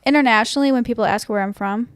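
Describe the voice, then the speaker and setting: A woman's voice: on the high side, very fast, clean tone, no echo, clean studio sound. A young woman from New York State co-hosting a podcast in a teasing, chatty way. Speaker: podcast co-host. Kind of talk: casual chat.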